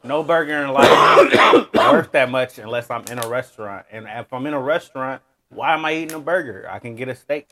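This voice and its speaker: A man's voice: mid-range voice, fairly quick, few pauses. A man co-hosting a sports podcast, chatting casually, swearing a lot and laughing often. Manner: profane, animated, laughing often. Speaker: podcast co-host.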